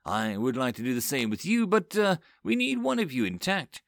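A man voicing an ancient, pleasant cosmic being that speaks calmly and precisely. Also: mid-range voice, moderate pace, gravelly, dry recording, clean studio sound.

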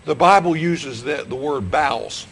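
A man in middle age preaches a sermon from a church pulpit, his voice a little high with a gravelly, creaky edge. He fires questions at the congregation and repeats them, often restarting phrases mid-thought. A faint hiss of noise sits under the recording. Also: unhurried, a bit bright, low-quality recording. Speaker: pastor. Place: church sanctuary.

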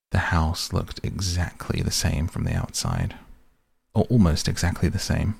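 Deep gravelly male storybook narrator. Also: darkish tone. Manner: measured, deliberate storytelling. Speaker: audiobook narrator. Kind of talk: scripted narration.

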